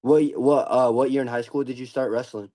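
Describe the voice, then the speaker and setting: Teen male interviewer, eager, filler-heavy, mid-pitched. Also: fairly even intonation, warm tone. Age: teens. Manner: eager, fast, many fillers. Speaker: podcast host, interviewer. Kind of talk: casual interview.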